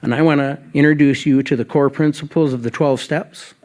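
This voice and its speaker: A man's voice: fairly high pitch, fairly even intonation, brisk, darkish tone. Man telling a recovery story. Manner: conversational, acts out both sides of remembered dialogue. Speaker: guest speaker at a recovery meeting. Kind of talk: storytelling talk.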